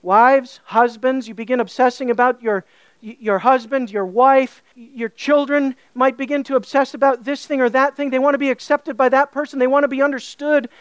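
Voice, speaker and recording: A woman's voice: sits high, steady tone, moderate pace, clear, resonant tone, dry recording. A woman preaching a sermon, emphatic, with rhetorical questions and building repetition.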